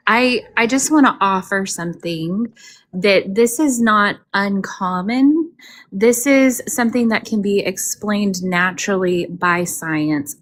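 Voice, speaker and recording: Slow-spoken gentle woman host. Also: mid-range voice. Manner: gentle, measured, explaining. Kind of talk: call-in talk show.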